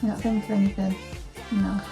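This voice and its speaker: A woman's voice: mid-range voice, flat delivery, brisk, gravelly, over music. A woman chatting with a child, coaxing answers for a birthday video. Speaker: interviewer of a child.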